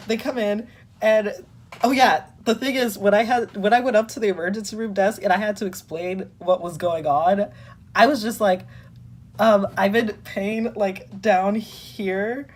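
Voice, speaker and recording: A young woman chatting casually as a guest, telling a story in an animated, dramatic way, full of "like" and fillers. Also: medium pitch, normal speed. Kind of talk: casual chat.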